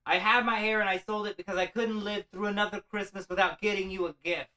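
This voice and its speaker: A man voicing an excited, anxious young wife who gushes breathlessly. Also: high voice, quick pace, pitched above the performer's own voice, poor audio. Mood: pleading.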